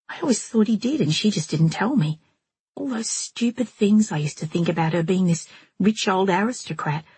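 A woman reading the part of an earnest, upset teenage girl who confides in a rushed, emotional way, with a husky voice. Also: mid-range voice, a little mellow, no room sound, voice pushed up.

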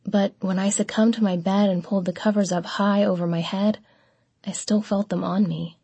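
A woman narrating an audiobook in the first person, with an even, measured reading and close miking. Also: mid-range voice, husky, dry recording.

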